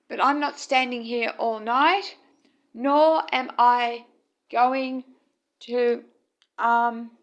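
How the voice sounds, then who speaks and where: A woman narrating a home video at night, speaking softly and tenderly to her late husband. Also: high-pitched. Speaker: vlogger. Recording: dull lo-fi phone recording.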